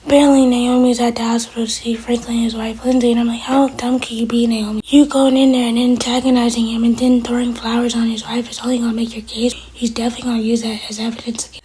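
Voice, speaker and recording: A woman's voice: fairly high pitch, a little mellow, husky, low-quality recording. A young woman vlogger casually retelling a TV episode, quoting each character in turn as she goes. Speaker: TV recap vlogger.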